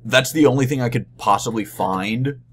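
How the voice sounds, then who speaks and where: A young man recapping a convention panel in a casual vlog, rambling and halting with many restarts and a wry, deadpan touch. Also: mid-range voice. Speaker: vlogger.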